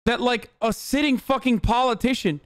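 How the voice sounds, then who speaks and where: A man's voice: extremely high pitch, normal speed, fairly bright tone, clear, resonant tone, no echo, clean studio sound. A man streaming live, reacting to chat and clips in a heated, profane rant. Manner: argues directly with chat.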